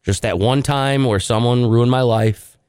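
A man co-hosting a morning radio show, telling rambling animated stories in casual chat. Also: medium pitch, unhurried, smooth, dry recording, clean studio sound.

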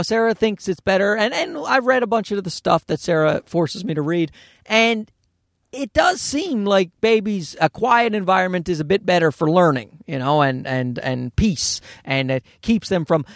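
A man with a high, creaky voice hosts a casual solo podcast, recorded dry with clean studio sound. A comedian by trade, he rambles from one thought to the next, swears freely, and makes fun of himself.

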